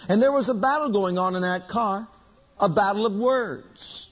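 Preacher guy with a high husky voice, hammering lines over and over, dull lo-fi recording. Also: normal speed. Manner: emphatic, repeats lines, acts out dialogue. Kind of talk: sermon storytelling.

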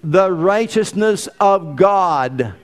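A man delivers a sermon in a somewhat high voice. He moves between quiet, drawn-out lines and loud, ringing declarations, pressing his listeners with question after question. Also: expressive. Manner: emphatic, swings from hushed to loud, fires rhetorical questions at listeners. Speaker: preacher.

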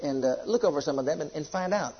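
Husky-voiced man preaching fervently. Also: lively intonation, fast talker, dull audio. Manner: fervent, swinging from loud exhortation to low intensity. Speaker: pastor. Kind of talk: sermon.

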